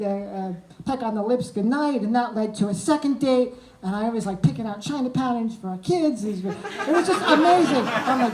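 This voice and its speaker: High-voiced self-deprecating male comic. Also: expressive, brisk, few pauses. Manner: self-deprecating, profane, stammering. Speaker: stand-up comedian. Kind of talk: stand-up comedy set. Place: comedy club stage. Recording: echoey club with audience noise.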